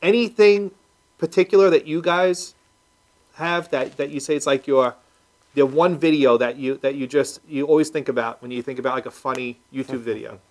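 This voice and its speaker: A man's voice: mid-range voice, moderate pace. A man hosting a casual talk show, rambling with lots of fillers and restarts. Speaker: host. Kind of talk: casual chat.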